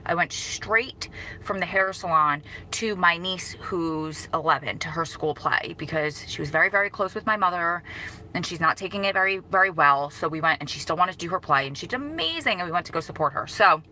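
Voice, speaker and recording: A grieving woman in her thirties rambles through a casual live update, restarting her sentences and pausing to greet viewers by name. Her voice sits a little low and sounds bright and forceful, with a faint hiss behind it. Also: lively intonation, rough recording. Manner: emotional, rambling, self-correcting, greets viewers mid-sentence. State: grieving, emotional. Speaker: vlogger.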